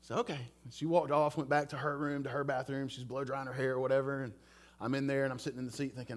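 A man's voice: mid-range voice, little pitch movement, fast talker. A middle-aged man, preaching a sermon in a conversational, earnest way, telling a personal story and asking listeners direct questions. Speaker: pastor.

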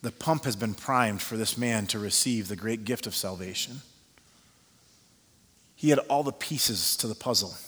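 A male pastor preaching a sermon as an animated storyteller who uses many fillers. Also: lowish voice, a little slow, breathy edge. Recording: long reverb of a large hall.

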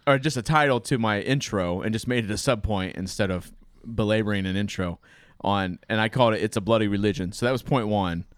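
A man's voice: lowish voice, a little fast, hardly any pauses, smooth, dry recording, clean studio sound. An American man, a pastor, talking about his sermon in a rambling, self-interrupting way and laughing often. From United States. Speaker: pastor and preacher. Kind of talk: casual chat.

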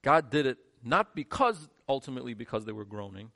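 A male pastor preaching a sermon, shifting between quiet, low lines and emphatic, rising ones. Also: very animated, fairly quick.

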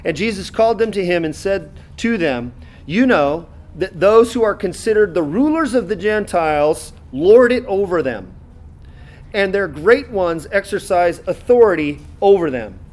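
A man with a high-pitched voice delivers a relaxed, conversational sermon. He reads scripture aloud and stops to comment on it, filling his speech with "uh" and frequent restarts. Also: moderate pace. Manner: conversational preaching with many fillers and restarts. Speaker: pastor.

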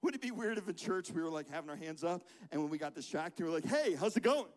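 A man leading a lively children's church sermon in a church, joking around and getting the room to repeat phrases back to him. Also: a little high, quick pace. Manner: playful, jokey, leads call-and-response. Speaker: children's pastor. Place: church sanctuary.

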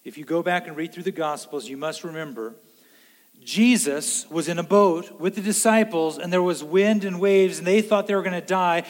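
Pastor guy preaching, highish voice, big echoey hall, gets loud then goes quiet. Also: normal speed. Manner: earnest preaching, swings from loud to hushed. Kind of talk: sermon.

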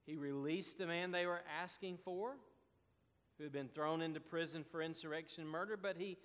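High-voiced preacher in a reverberant hall. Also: male voice, steady tone, fairly bright tone. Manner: slow, deliberate preaching with emphatic pauses. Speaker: pastor. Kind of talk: sermon.

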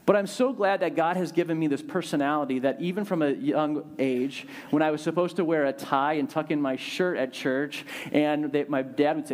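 A male pastor giving a conversational, animated sermon with lots of fillers and restarts. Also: on the high side, brisk, few pauses.

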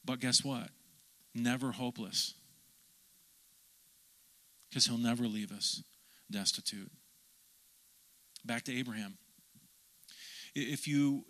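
A man, a pastor, preaching a lively sermon and calling on the congregation to answer back. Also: mid-range voice, measured pace, pauses often. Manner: animated, calls for audience response.

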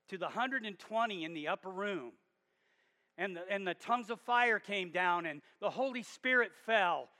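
Addressing his church, a man preaches with emphatic force that swells into loud bursts. The voice is high and sharp, echoing with a hall's long reverb.

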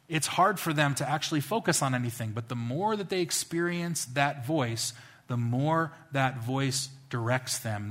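Pastor, male, lively conversational sermon delivery, bright forward tone. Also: mid-range voice. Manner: animated, conversational storytelling.

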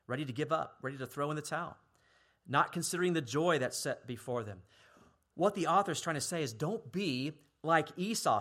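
A male pastor preaching a sermon earnestly, at times dropping to a hushed, grave tone for emphasis. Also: on the high side.

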